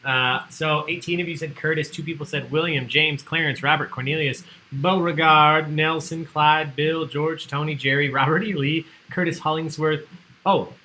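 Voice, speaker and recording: A man's voice: a little high, fairly even intonation, moderate pace, sharp tone, a little hiss or hum, rough recording. A man hosting an online trivia livestream, chatty and joking as he reads out the answers people sent in. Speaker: trivia host.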